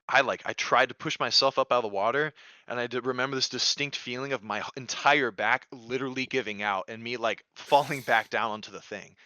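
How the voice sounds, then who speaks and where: A man with a bright, forceful voice telling a story in casual podcast chat, loose and profane, full of "like." He swings from hushed narration to loud exclamations. The sound is dry and a bit dull and lo-fi. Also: on the low side, dry recording. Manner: loose and profane, heavy use of "like". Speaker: podcast guest.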